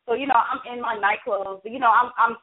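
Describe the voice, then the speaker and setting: A woman telling a personal story as a talk-show guest, halting and repeating words, quoting herself and others as she goes. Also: a little high, fairly even intonation. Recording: phone-line audio.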